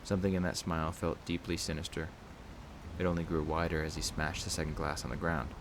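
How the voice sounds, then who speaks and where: A man with a very low, deep voice narrates a horror story in the first person, reading at a steady, measured pace. A faint hiss sits under the recording.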